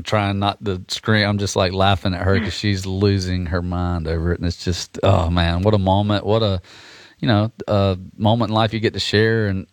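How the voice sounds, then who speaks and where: Low-voiced man chatting as a radio guest. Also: dry recording. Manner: relaxed and rambling, with many restarts and fillers. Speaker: guest musician. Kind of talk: casual radio interview.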